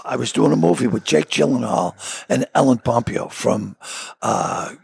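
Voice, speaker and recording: A man with a Boston accent, a comedian guest telling animated show-business stories in casual chat. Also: medium pitch, moderate pace, no room sound. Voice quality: gravelly raspy voice. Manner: animated storyteller acting out quotes. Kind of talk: storytelling chat.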